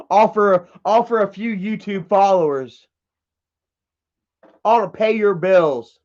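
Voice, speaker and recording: A man with a high voice rants on a livestream from home, heated and profane as he reads out chat messages. The sound is dull and lo-fi, like typical stream audio. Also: slow, pauses often, darkish tone. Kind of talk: casual livestream rant.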